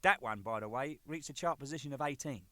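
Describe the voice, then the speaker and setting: A man's voice: mid-range voice, quick pace, fairly bright tone, no room sound. A man in his thirties telling cheeky, rambling anecdotes as a band drummer, with lots of swearing. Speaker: band drummer presenting a record. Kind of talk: jokey rambling monologue.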